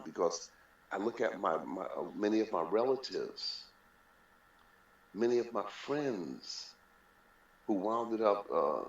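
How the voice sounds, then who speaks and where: As an interview guest, a boxing figure with a somewhat low voice tells his personal story emphatically, often repeating a phrase to drive the point home. The recording sounds roomy and a little dull.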